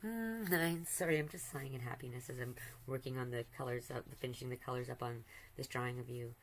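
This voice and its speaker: A woman's voice: extremely low pitch, level tone, fast, slight background noise, poor audio. A woman streamer chatting casually while she draws, rambling and giggly, affectionate, often breaking off mid-sentence. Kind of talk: casual chat while drawing.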